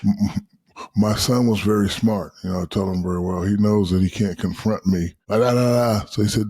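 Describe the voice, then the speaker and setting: Podcast guest, man in his fifties, very low gravelly voice, loose and profane. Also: brisk, no room sound. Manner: profane, animated storytelling with quoted asides. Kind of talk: casual storytelling.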